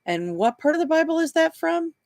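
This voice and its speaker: A man doing a wry middle-aged police lieutenant, asking dry, wisecracking questions in a slightly raised, gravelly voice. The storybook reading is close-miked and dry. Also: sits high, expressive, a little fast, no room sound, pitched above the performer's own voice.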